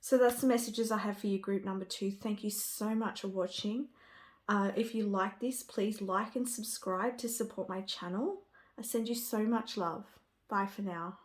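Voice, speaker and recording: A woman giving a spiritual card reading to camera. She talks with gushing enthusiasm and often trails off and restarts. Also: medium pitch. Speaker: tarot card reader.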